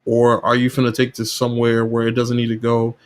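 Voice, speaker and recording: A man's voice: monotone, fairly quick. A man guesting on a gaming podcast in casual chat, ranting heatedly and swearing often. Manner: heated, profane rant with rising pitch.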